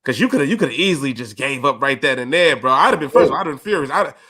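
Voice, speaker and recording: A man's voice: mid-range voice, lively intonation, racing, bright, forceful tone, husky. A man co-hosting a podcast, asking slangy questions and reacting with hyped, laughing energy. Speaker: podcast co-host. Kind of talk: casual interview chat.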